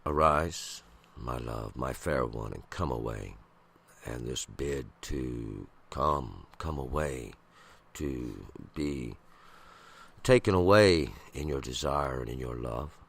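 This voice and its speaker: Slow gravelly deep-voiced man reading scripture. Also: expressive, a bit bright. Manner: slow, halting, with many restarts and pauses. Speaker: Bible commentator.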